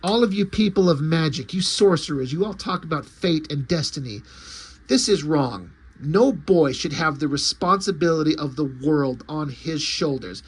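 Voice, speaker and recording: A man reading the lines of a compassionate but stern adult male superhero, in a husky, fairly high voice. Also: animated, normal speed.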